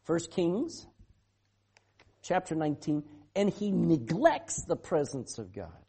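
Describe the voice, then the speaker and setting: Lively, questioning preacher mid-sermon. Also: medium pitch, slow pace, gravelly, slightly rough. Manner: animated preaching with rhetorical questions to the congregation. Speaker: pastor.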